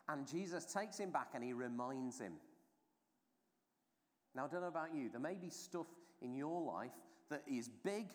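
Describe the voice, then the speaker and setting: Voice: medium pitch, animated, normal speed. A preacher giving an informal, chatty baptism sermon, telling the story with many asides and fillers. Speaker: clergy trainer preaching at a baptism. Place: church during a baptism service. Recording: long church reverb.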